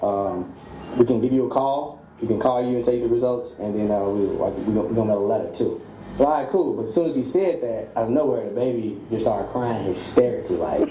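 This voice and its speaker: A man's voice: medium pitch, fast. A man casually telling a personal story, acting out the voices of the people in it and laughing along the way. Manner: animated, acts out quoted voices, laughs mid-story. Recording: roomy echo with faint background noise.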